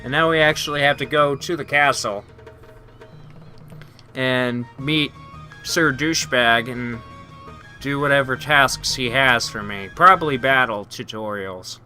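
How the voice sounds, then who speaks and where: A man's voice: mid-range voice, measured pace, pushed and bright, faint music behind. A man casually commenting on his own gameplay with chatty, wry asides. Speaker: let's play host.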